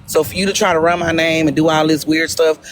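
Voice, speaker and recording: A woman's voice: deep voice, level tone, fast, a little hiss or hum. A woman speaking in a heated live-stream argument, confrontational and accusatory. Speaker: live-stream debate participant.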